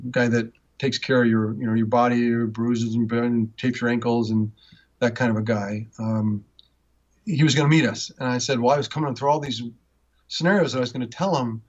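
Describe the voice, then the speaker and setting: Earnest rambling man, muffled sound. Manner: earnest, rambling, with frequent restarts and stumbles; emotional, swells in pitch when moved. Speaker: interview guest, author. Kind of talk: personal storytelling in conversation. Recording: dull, muffled audio.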